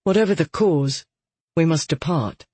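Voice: medium pitch, moderate pace, a little mellow, breathy edge, no echo, natural voice. A narrator doing a terse, wary warrior leader. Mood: urgent.

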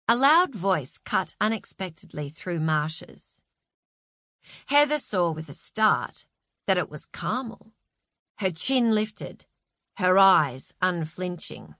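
A woman reading a novel aloud in a measured, expressive narration. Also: on the low side, no echo, studio quality. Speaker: audiobook narrator. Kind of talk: scripted narration.

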